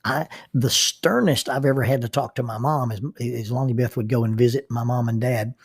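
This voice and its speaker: A man's voice: mid-range voice, steady tone, a little fast, husky, no echo, clean studio sound. A middle-aged man hosting a podcast, telling humorous, folksy personal anecdotes. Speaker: podcast host and counselor.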